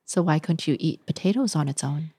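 A woman's voice: low voice, brisk, dark tone, slightly rough, dry recording, studio quality. A woman hosting a casual chat, asking questions and reacting encouragingly. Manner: responsive, encouraging, asks questions.

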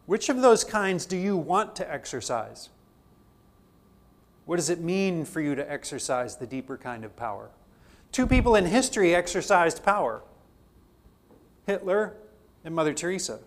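A man teaching a theology class, putting question after question to his students and swinging between loud emphasis and quiet asides. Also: sits high, animated, unhurried, long pauses. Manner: poses repeated questions to the class. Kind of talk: classroom lecture.

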